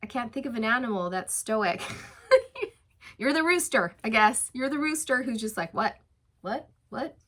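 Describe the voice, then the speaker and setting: A woman giving a casual tarot reading. She is chatty and encouraging, uses many fillers, laughs lightly, and slows down for emphatic reassurances. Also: fairly high pitch, expressive, fairly bright tone. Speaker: tarot reader.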